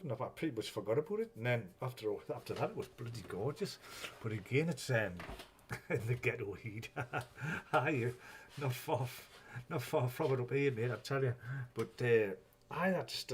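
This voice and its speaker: In an expressive, medium-pitched voice and at a moderate pace, a man hosts a casual live stream, with a little hiss or hum in the audio. He rambles, swears without hesitation and laughs often while greeting viewers.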